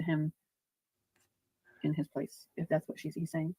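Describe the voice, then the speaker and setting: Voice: mid-range voice, monotone, unhurried, gravelly, long pauses, dark tone, slightly rough, no room sound, poor audio. A medium in a played clip, speaking soothing, repetitive reassurances to a spirit. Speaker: self-styled spirit medium.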